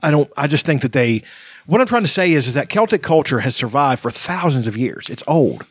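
A podcast host talks in a loose, rambling way, swearing as he goes. His voice is husky and slightly rough. The sound is dry and close, with no room around it. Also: mid-range voice, expressive, a little fast, no room sound. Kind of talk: casual podcast chat.

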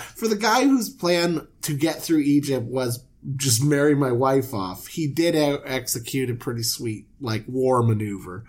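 A speaker retelling a Bible story casually and jokingly, with slang and an animated, playful manner. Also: medium pitch.

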